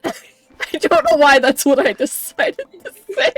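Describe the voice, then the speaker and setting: A woman's voice: sits high, sing-song, a little slow, no echo. A woman livestreaming a game, chatting casually, giggling often and reading chat messages aloud.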